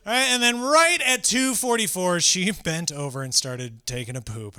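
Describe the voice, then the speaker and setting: A man in his thirties doing a stand-up comedy set on a club stage, animated and breaking into shouted acted-out bits. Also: high voice, fairly quick, few pauses, crowd noise. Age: 30s.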